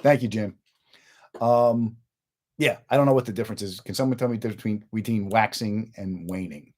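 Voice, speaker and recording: A man's voice: fairly low pitch, brisk. A middle-aged man, a comedian hosting his own podcast, chatting casually with viewers and telling jokey stories. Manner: joking, animated storytelling. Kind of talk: casual live-stream chat.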